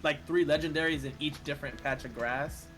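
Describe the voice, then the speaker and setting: A man chatting casually on a gaming stream, talking fast and laughing often. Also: fairly high pitch, soft background music, rough recording. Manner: animated, laughs often, rapid ideas. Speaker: stream guest and chat regular.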